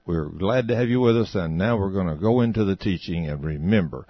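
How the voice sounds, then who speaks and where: A man opens a ministry broadcast in a steady, earnest announcer's voice. His voice sits on the low side, heard close and dry. The sound is dull, like an older broadcast. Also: a little fast, no echo. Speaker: radio ministry host. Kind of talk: scripted program introduction.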